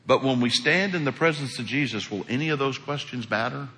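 A man preaching a sermon as pastor, animated, acting out quotes as he preaches. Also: medium pitch, brisk, a little hiss or hum. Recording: echoey hall.

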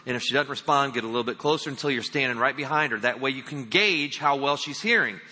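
A man voicing a calm male family doctor who gives easy, matter-of-fact advice in a sermon story. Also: mid-range voice, fast. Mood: advising. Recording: long reverb of a large hall.

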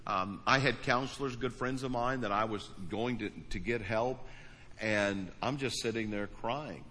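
A man's voice: on the low side, fairly bright tone. A man preaching as a pastor, praying and then speaking earnestly and personally to his congregation, often restarting his phrases. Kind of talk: sermon with prayer and altar call. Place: large church auditorium. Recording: long hall reverb, faint room noise.

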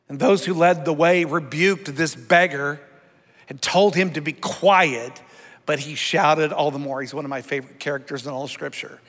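A man's voice: a little high, steady tone, normal speed, a bit bright. A middle-aged man preaching a sermon as pastor, emphatic and leading his congregation in reading Scripture aloud. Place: church sanctuary before a congregation, also streamed online. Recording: long hall reverb.

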